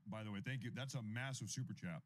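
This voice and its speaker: A man in his thirties with a fairly low voice hosts an independent news livestream. His talk is loose and rambling, full of repeated phrases. He breaks off to thank viewers for their donations. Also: fast talker, a little hiss or hum. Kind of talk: casual livestream commentary.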